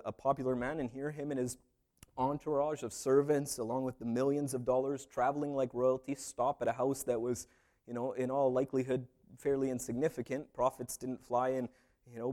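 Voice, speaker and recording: A man's voice: medium pitch, mellow. A man preaching a casual sermon, talking through a Bible story conversationally with joking asides. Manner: conversational, jokey asides, lots of fillers. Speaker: pastor.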